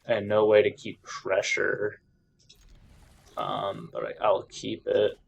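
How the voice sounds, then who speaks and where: Slow-talking frustrated man commentating a card game. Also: on the low side, monotone, creaky, muffled recording. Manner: frustrated, swings from loud ranting to muttered counting. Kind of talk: casual gameplay commentary.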